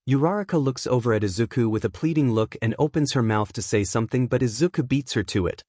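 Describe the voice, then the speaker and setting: A man reads fanfiction aloud in a steady, plain way. His voice sits at a middle pitch. The recording is close and dry. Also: fairly quick, hardly any pauses, no echo. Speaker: fanfiction reader. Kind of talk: fanfiction audiobook narration.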